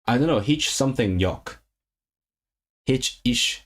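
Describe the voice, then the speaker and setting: A man's voice: mid-range voice, lively intonation, slow pace, fairly bright tone. A man from Hong Kong livestreaming for his chat as he learns a language, sounding out and repeating words and correcting himself aloud.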